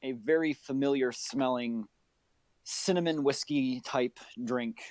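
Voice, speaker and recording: A man narrating a tabletop game as game master, describing scenes in detail with many filler pauses. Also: medium pitch, a little mellow, no room sound.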